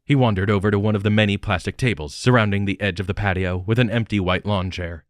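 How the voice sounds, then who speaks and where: A man narrates an audiobook in a steady, even read. His voice sits on the low side, and the recording is dry and close with no room sound. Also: fast, dry recording. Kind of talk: scripted narration.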